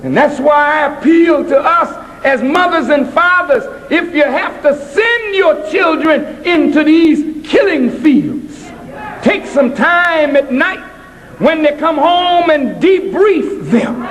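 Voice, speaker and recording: A man from Boston giving an impassioned public address at a college, emphatic and preacherly, rising to shouts. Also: very high voice, lively intonation, slow pace, long reverb tail, some chatter behind, low-quality recording. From Boston, United States. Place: college auditorium.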